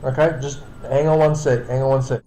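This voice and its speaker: A man's voice: medium pitch, level tone, brisk, dark tone. Tired rambling streamer guy in a roomy room. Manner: rambling, self-correcting, chatty. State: tired, yawning. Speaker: streamer host. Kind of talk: casual live-stream chat. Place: home apartment. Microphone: computer setup with webcam.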